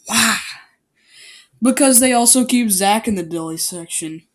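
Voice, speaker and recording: A woman's voice: on the high side, a little slow. Goofy woman reading aloud with jokes. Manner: goofy, breaks off to joke and correct herself. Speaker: amateur story reader. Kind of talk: casual read-aloud of a fan story with jokey asides.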